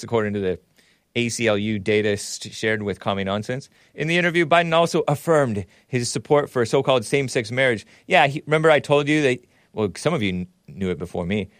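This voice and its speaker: A man's voice: medium pitch, dry recording, clean studio sound. A man hosting a show, giving sarcastic, mocking commentary on the news. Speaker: host.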